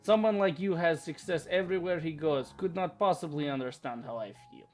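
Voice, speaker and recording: A man voicing a brooding, self-doubting young male mage in a put-on Russian accent, speaking in formal, halting phrases. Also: fairly high pitch, darkish tone, faint music behind, close to an everyday voice. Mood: dejected.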